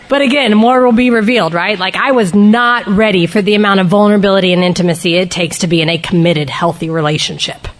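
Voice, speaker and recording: Woman sharing her recovery story. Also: mid-range voice. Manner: candid, emotional, speeds up and slows down for emphasis. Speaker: speaker sharing at a recovery meeting. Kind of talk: personal testimony to a group.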